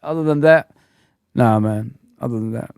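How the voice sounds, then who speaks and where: Gravelly man chatting. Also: medium pitch, moderate pace, no echo, clean studio sound. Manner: animated, rambling, slangy. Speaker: host. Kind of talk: casual livestream chat.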